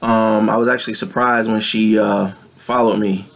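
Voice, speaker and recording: A man's voice: fairly low pitch, little pitch movement, moderate pace, a bit bright, faint music behind. A man vlogging from home at his computer, blunt and profane at times and heartfelt at others as he talks to his viewers. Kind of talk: casual vlog chat to viewers.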